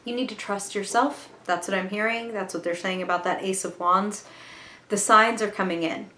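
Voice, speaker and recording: A woman at a mid-range pitch talks her way through a tarot reading in a chatty, earnest tone and swears casually now and then. Her voice rings around an echoey room. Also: steady tone, moderate pace, sharp tone. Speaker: tarot reader.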